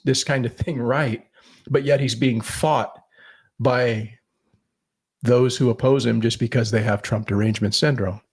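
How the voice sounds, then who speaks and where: A man co-hosting a podcast, giving blunt political opinions, swearing and rambling with restarts. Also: mid-range voice. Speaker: podcast co-host.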